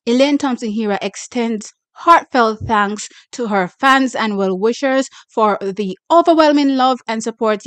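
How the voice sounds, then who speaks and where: A Jamaican woman in her younger years runs her sports channel with excitable energy, drawing out words and breaking into chatty asides. Her voice sits a bit high for a woman. The sound is dry and close, with no room around it. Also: measured pace, hardly any pauses, no echo. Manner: excitable, hyping, reads a press release aloud with asides. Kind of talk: casual track-and-field news commentary.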